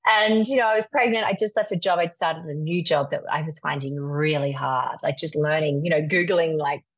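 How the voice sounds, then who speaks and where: A woman in her forties with an Australian accent, a magazine editor chatting as a podcast guest, animated and laughing often. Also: low-pitched, fairly quick. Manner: animated, laughs often, stretches words for emphasis. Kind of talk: podcast interview chat. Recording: slightly dull lo-fi sound.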